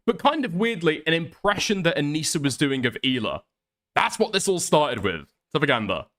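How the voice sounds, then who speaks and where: Bright, animated male streamer. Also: a little high, normal speed. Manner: rambling, profane, laughing asides. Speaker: streamer host. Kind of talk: casual commentary stream.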